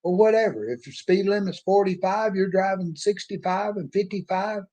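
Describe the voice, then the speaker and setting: A man speaks in a slightly higher register. He tells a story in a folksy, blunt, opinionated way, as a casual monologue. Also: moderate pace, dark tone, muffled recording. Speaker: author and speaker.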